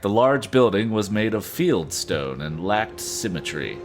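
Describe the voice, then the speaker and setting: A man's voice: fairly low pitch, very animated, soft background music. A man co-hosting a podcast, reading a novel aloud in a casual way and often breaking into laughter. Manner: reads haltingly, breaks into laughter. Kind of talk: casual read-aloud with banter.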